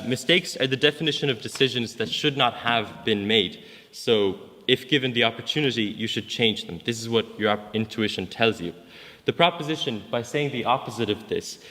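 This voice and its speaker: Earnest young man, bright forceful voice. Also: mid-range voice. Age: young adult. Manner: earnest, insistent. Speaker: debate speaker. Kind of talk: formal debate speech. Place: debating chamber. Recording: long hall reverb.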